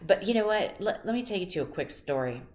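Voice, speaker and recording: A woman's voice: medium pitch, animated, quick pace, a little mellow, reverberant. A woman giving a tarot reading, talking in a chatty, rambling way and telling personal stories. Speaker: tarot reader. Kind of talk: casual tarot reading monologue.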